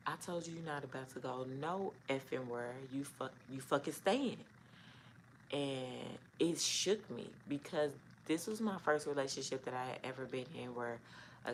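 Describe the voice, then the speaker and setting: A woman's voice: extremely low pitch, vocal fry, slight background noise, low-quality recording. A middle-aged woman telling a personal story to camera in a casual, rambling way, full of "um" and "like". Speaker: vlogger.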